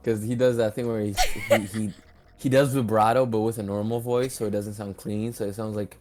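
A man's voice: on the low side, level tone, a little fast, darkish tone, soft background music. A man chatting casually with a friend, joking around, quoting silly lines and laughing. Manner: jokey, playful, often laughing.

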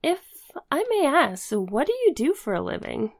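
A woman in a comedy sketch, playful and teasing, delivering slow punchlines. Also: sits high, very animated. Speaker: support group guest.

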